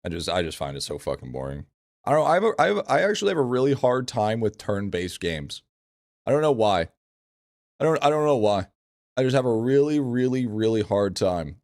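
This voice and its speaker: A man's voice: mid-range voice, sing-song, a little fast, a little mellow, dry recording, clean studio sound. A man streaming a game live, chatting casually with viewers in a blunt, profane way and repeating his phrases.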